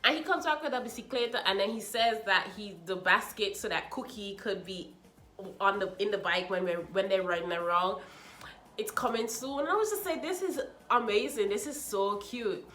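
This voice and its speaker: A young woman chatting casually as she reviews a reality show, sassy and animated, acting out what people said with mocking asides. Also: mid-range voice, brisk, echoey room.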